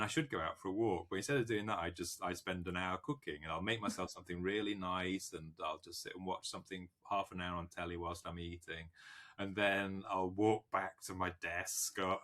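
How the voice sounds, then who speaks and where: Male novelist guest, lowish voice, lively chatty delivery. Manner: chatty, animated, laughs often. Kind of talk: casual interview chat.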